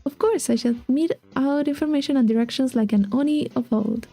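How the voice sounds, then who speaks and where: Woman voicing a dramatic young male bird, grandiose, theatrical, warm tone, faint music behind. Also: high-pitched, brisk.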